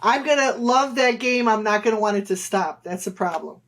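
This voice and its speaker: Woman, 60s, guest in casual chat; hesitant, rambling delivery, mid pitch. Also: lively intonation, a little fast, fairly bright tone. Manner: hesitant, rambling with many fillers. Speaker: guest, mother of the hosts.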